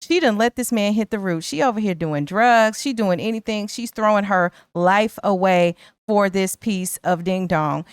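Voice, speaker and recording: A woman co-hosts a casual movie recap, chatty and slangy, animatedly acting out characters' lines in quotes as she retells the plot. Her medium-pitched voice moves at a moderate pace with few pauses, and the studio sound is clean with no room tone.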